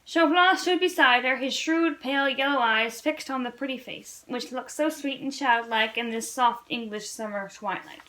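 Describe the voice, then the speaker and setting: A woman's voice: fairly high pitch, fairly quick, few pauses, sharp tone, rough recording. A woman reading a classic novel aloud for a read-along, earnest and storybook-paced, with occasional stumbles. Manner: earnest storybook narration, occasional slips and restarts. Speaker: reader of a book-club read-along.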